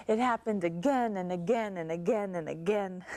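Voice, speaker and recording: A young actress performing a theatrical monologue as a woman recounting her abusive relationship, halting and wistful. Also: medium pitch, a little mellow, no echo, natural voice. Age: young adult. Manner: halting, wistful, with nervous laughs and sighs.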